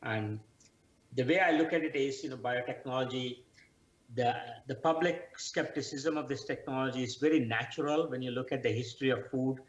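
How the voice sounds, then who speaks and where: A middle-aged man, a guest scientist, answers interview questions in a measured, explanatory way, pausing often with "uh". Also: mid-range voice. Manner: measured, explanatory, with frequent "uh" pauses. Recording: roomy, dull remote audio.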